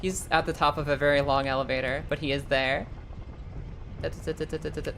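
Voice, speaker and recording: A young woman streaming a game live, chatting casually, swearing freely and jumping into high excited squeals. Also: quick pace, noisy background.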